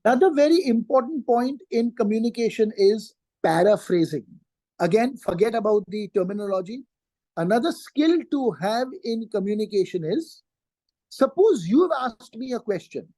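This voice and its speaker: A woman giving a live lesson on communication skills, repeating key points slowly and acting out short sample dialogues. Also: mid-range voice, dark tone, no echo. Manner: acts out sample dialogues while explaining. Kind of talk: live online teaching session.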